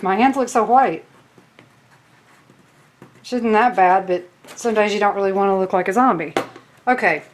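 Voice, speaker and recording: A woman's voice: medium pitch, a little hiss or hum. A woman with a Southern US accent hosting a casual craft tutorial, chatting to viewers in a self-deprecating way while she works. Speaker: crafting video host.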